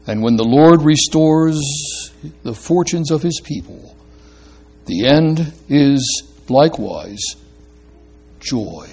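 A man preaching a sermon slowly and deliberately, rising to emphatic bursts and reading verse aloud. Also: a little high, lively intonation, darkish tone.

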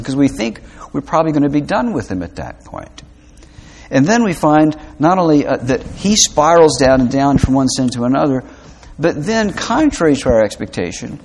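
A man preaching and reading scripture to a church congregation, pausing often with "uh" and then stressing key words with emphasis. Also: medium pitch, big pitch swings, creaky, slightly rough.

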